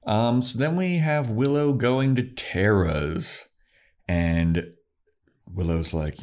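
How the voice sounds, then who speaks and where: A man's voice: fairly low pitch, slow pace, darkish tone. A man co-hosting a podcast, casually recapping episodes and acting out the characters' lines in mock voices, with plenty of swearing. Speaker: podcast co-host.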